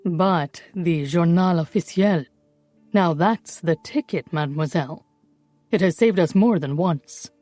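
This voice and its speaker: Woman reading as a smug brisk forger guy, low dark voice, talks down to everyone. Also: dry recording, faint music behind, natural voice. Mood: condescending. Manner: dry, condescending. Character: brisk clever male forger, dry and condescending.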